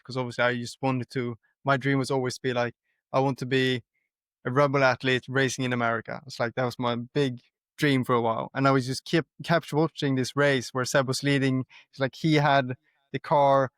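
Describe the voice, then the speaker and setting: Man, podcast host, mid-pitch voice, dry sound, earnest questions. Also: flat delivery, fairly quick, fairly bright tone, no room sound. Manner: earnest, admiring questions with restarts. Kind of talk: casual interview.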